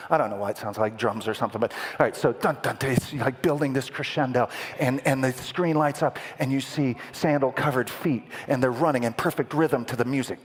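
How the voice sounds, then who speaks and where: A man preaching, telling a story in a dramatic, animated way with sound effects to a live congregation. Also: mid-range voice, moderate pace, few pauses, slightly rough. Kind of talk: sermon storytelling. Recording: echoey hall with long reverb.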